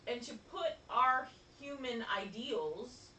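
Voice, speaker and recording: A woman co-hosting a casual chat, animated and laughing often. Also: a little high, slow pace, echoey room, recorded from a distance, a little hiss or hum. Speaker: podcast co-host.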